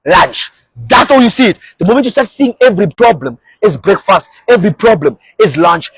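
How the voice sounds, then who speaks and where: Husky-voiced man preaching with animated energy. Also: sits high, no echo. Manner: animated, acts out short quoted voices. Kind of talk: energetic sermon.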